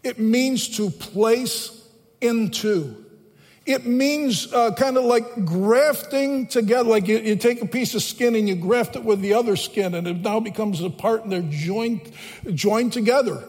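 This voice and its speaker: High-voiced male preacher in an echoing hall. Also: a little slow, a little mellow. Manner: emphatic preaching, repeating phrases for stress. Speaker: pastor. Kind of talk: sermon. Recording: long reverb of a large hall.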